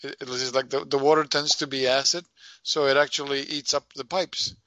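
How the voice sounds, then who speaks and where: A man's voice: medium pitch, level tone, bright, forceful tone, no echo. A man co-hosting a radio talk show, asking questions and musing in casual chat. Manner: asks questions, thinks aloud with pauses.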